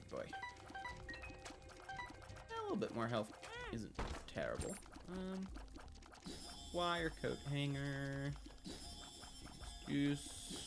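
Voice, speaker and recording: Animated male streamer swearing over music. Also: medium pitch. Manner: excitable, talks to himself, swears freely. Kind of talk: live gameplay commentary. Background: game music.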